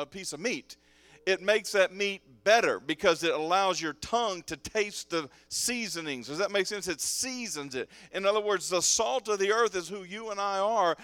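A pastor preaches to his congregation in a smooth, clear voice that sits a little high for a man. He pulls the room in with call-and-response and light joking asides. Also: a bit bright, dry recording. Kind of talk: sermon. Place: church sanctuary with congregation.

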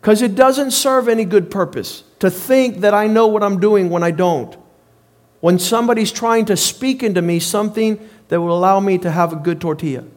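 A man's voice: sits high, normal speed. A man preaching a sermon in an emphatic, repetitive way.

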